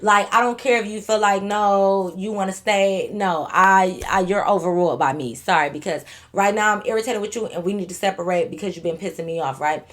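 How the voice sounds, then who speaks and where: A young woman tells a storytime tale in a blunt, animated vlog style, swearing freely. Her voice sits in a middle range. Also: mid-range voice, fairly quick, few pauses. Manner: blunt, profane, animated retelling. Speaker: vlogger.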